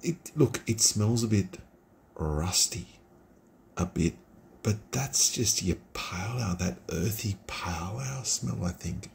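A man's voice: on the low side, expressive, a little slow, creaky, a little hiss or hum. A middle-aged man from Australia giving a casual, rambling beer review at night in his computer room at home. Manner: rambling, chatty and informal.

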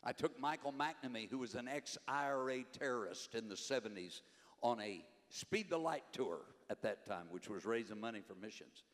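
An older man preaching a sermon, fervent, rising to shouts and dropping low. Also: animated, moderate pace. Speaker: conference preacher. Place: church sanctuary. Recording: long hall reverb, faint music behind.

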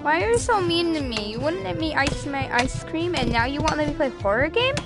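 A woman with a high, bouncy voice streams a game and chats casually, playful and a little whiny, swearing and laughing a lot. Loud background music sits under her voice. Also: animated, a little fast. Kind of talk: casual gaming stream chat.

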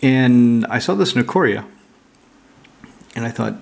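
A man's voice: medium pitch, normal speed, gravelly. A man chatting casually and bluntly while opening his mail, rambling and swearing freely. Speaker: card collector opening mail. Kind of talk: casual chat.

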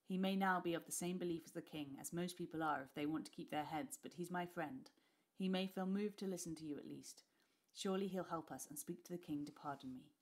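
Woman reading as a scared grave father, lowered urgent voice, quiet and soft. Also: brisk, close to an everyday voice. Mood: urgent hushed. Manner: urgent, hushed, trembling. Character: frightened Tudor father, grave and weary.

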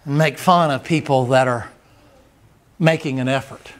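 A man's voice: medium pitch, normal speed. A man preaching a sermon in a folksy, storytelling manner. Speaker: guest preacher.

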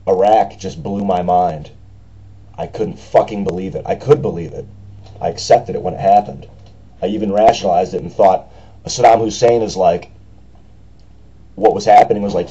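A hoarse young man from the United States with a raspy voice, talking earnestly and with frustration in a rambling home video message, full of fillers. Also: sits low, dark tone, lo-fi sound. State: hoarse after a party. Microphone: camera microphone.

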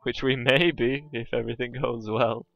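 A man's voice: mid-range voice, steady tone, normal speed, gravelly, a bit bright. A man co-hosting a let's play, bantering casually and laughing often at his own jokes. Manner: jokey, laughs often, plays with silly voices. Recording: dull lo-fi sound with faint music.

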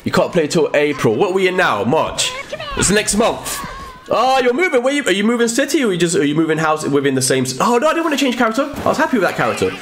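A man giving excitable live commentary while streaming a game, often shouting and exclaiming. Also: high-pitched, fast, soft background music. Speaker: gaming streamer.

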